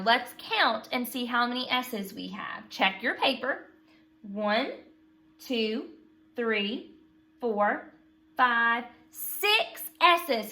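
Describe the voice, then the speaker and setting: Slow, bright-voiced woman teaching phonics. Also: on the high side. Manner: slow, patient, prompting call-and-response. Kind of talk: phonics lesson for young children.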